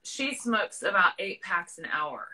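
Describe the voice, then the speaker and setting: A woman hosting a casual live-stream chat, telling stories in an animated way with lots of fillers. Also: lowish voice, a little slow, poor audio. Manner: chatty, animated storytelling with many "like" fillers. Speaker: host.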